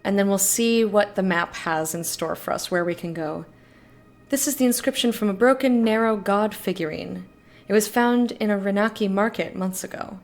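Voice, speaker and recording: A woman's voice: mid-range voice, moderate pace. Chatty young woman streaming a game. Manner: chatty, reads game dialogue aloud between musings. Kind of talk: casual let's-play commentary.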